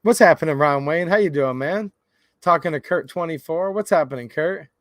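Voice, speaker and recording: A man's voice: a little high, moderate pace, dry recording. A man hosting a casual livestream, greeting viewers by name in a chatty, upbeat way and calling them man and dude. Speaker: livestream host.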